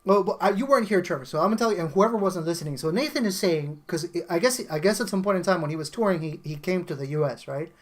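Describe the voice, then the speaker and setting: A man's voice: high-pitched, quick pace, hardly any pauses. A man hosting a casual songwriter podcast, talking animatedly with frequent laughs and restarts. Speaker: host.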